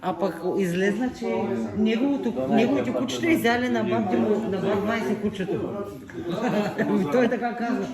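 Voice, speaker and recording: A man casually explains what a neighbour said, sounding amused. His voice is high for a man, and loud crowd chatter surrounds him. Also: fairly quick.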